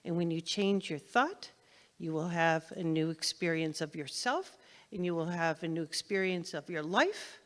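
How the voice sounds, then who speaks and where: A woman's voice: lowish voice, normal speed, a bit bright. A woman minister giving a spiritual lesson to her congregation, conversational and repeating phrases for emphasis. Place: spiritual center meeting hall. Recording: long reverb in a hall.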